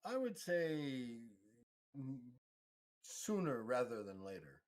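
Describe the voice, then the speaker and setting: A man's voice: medium pitch, big pitch swings, slow. A man voicing a sly male information broker. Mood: evasive. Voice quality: coy, evasive phrasing.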